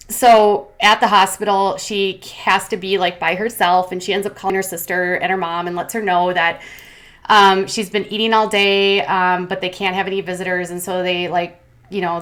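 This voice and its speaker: Brief: woman, casual commentary host, opinionated and chatty, mid-pitched. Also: fairly bright tone.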